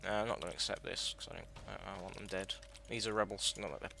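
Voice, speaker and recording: A man's voice: deep voice, steady tone, quick pace, creaky, bright, forceful tone, a little hiss or hum. A man giving casual, sweary, rambling commentary while playing a video game, often stopping to correct himself. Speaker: gaming video host.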